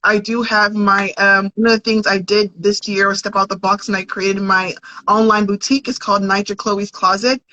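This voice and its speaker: A woman's voice: mid-range voice, level tone, moderate pace, sharp tone, no echo. A woman in her thirties, a podcast guest and content creator, chatting earnestly and restarting her sentences. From United States. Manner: earnest, chatty, repeats words as she starts. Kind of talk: casual interview chat. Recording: dry, dull lo-fi audio.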